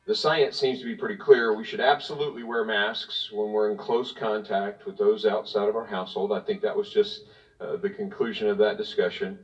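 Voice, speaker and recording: A man's voice: fairly low pitch, fairly even intonation, a little fast. A man from Tennessee, a congressman giving pointed, partisan prepared remarks at a hearing while reading from notes. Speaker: congressman questioning a witness. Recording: distant, dull hearing-room audio.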